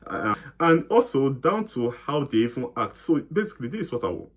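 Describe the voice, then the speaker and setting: A young man from Nigeria talks through his experiences as an interview guest. His voice sits at an ordinary middle pitch, and he rambles in a friendly way, restarting sentences and acting out conversations. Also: sing-song, a little fast. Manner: chatty, explains with many fillers and restarts, acts out quoted exchanges. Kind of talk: casual interview chat.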